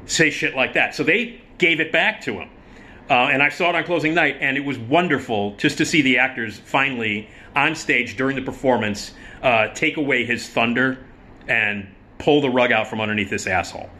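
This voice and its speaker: A middle-aged man telling a theater anecdote in a casual, profane, animated style. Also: medium pitch, fairly quick. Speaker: vlogger and storyteller.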